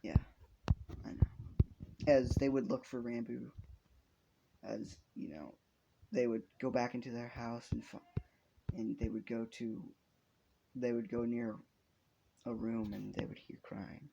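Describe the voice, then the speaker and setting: Young man, mellow fry-heavy voice, profane improvised storyteller. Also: mid-range voice, unhurried, pauses often, dull audio, a little hiss or hum. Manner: rambling, profane, frequent restarts. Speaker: fan storyteller. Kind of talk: improvised fan story narration.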